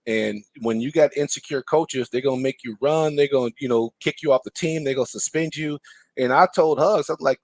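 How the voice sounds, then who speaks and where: A man's voice: mid-range voice, brisk, no echo. A man telling basketball stories in casual podcast chat, acting out the lines of the people in them. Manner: animated storyteller acting out quotes. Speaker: guest, former player and broadcaster.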